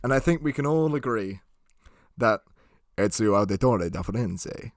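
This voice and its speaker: A man's voice: medium pitch, lively intonation, normal speed. A young man hosting a casual podcast quiz, playful and laughing often. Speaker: podcast host running a quiz.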